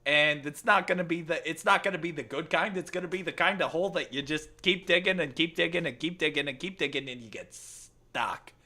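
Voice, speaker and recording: A gaming streamer banters with his chat during a casual live stream, joking and teasing while putting on a playful accent that keeps slipping. His voice is a little high, pushed and bright, and he talks a little fast with few pauses.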